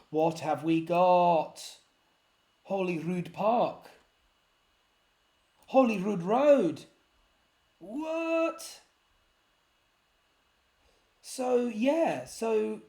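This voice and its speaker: With a high-pitched, slightly mellow voice, a man who makes gaming videos on YouTube comments casually on a geography guessing game. He pokes fun at himself and often mutters in exasperation.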